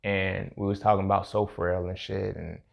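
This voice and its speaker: A man's voice: sits low, level tone, moderate pace, vocal fry. A man hosting a show, talking casually and reflectively, with lots of profanity and streetwise phrasing. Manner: profane, streetwise, reflective, says "you feel me" often. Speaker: podcast host. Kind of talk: casual personal monologue.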